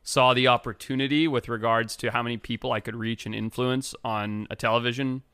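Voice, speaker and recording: A man from Africa tells his stories as an interview guest, loose and animated, sprinkling "like" everywhere and jumping into other people's voices. His voice is bright and smooth, with clear, crisp diction. It is recorded dry on a close mic. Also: medium pitch, fairly quick, dry recording. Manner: animated, loose and chatty with many "like"s, acts out other people's lines. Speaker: interview guest, wildlife biologist. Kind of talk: casual storytelling.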